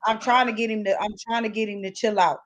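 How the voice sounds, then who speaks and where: A woman's voice: medium pitch, steady tone, quick pace, poor audio. A woman hosting a live podcast, talking in a blunt, emphatic way and repeating herself to hold the floor. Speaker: podcast host. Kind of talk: heated casual talk on a live call-in podcast.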